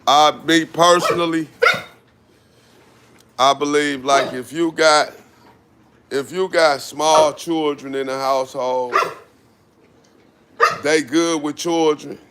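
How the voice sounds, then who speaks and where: Slow-talking man with a drawl. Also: fairly high pitch, very noisy. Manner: slow, relaxed, calls commands to dogs. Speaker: dog owner vlogger. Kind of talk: casual talk while training dogs. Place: outdoor yard with dogs.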